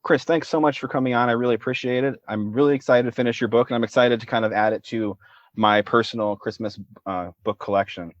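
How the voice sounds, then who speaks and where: A man's voice: mid-range voice, fairly even intonation, quick pace, no echo, highs cut off. A man hosting a podcast from his apartment, chatting and signing off in a friendly, upbeat way. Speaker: podcast host. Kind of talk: casual podcast chat and sign-off.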